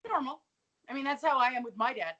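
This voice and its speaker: A woman's voice: high voice, quick pace, lo-fi sound. A woman co-hosting a podcast, chatting casually about a sitcom episode and acting out characters' lines. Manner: lively, chatty, acts out lines in quotes. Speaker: podcast co-host.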